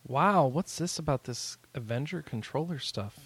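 A man's voice: on the high side, expressive, moderate pace, a bit bright, breathy edge, no room sound. Man reacting on a podcast. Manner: reactive, incredulous questions. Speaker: podcast host. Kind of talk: casual podcast chat.

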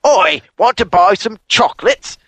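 A man's voice: sits high, animated, unhurried, fairly bright tone, husky, dry recording, voice pushed up, full character voice. A man doing a pushy Bronx chocolate seller. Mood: salesy. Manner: pushy salesman patter. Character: pushy male chocolate seller in a video game.

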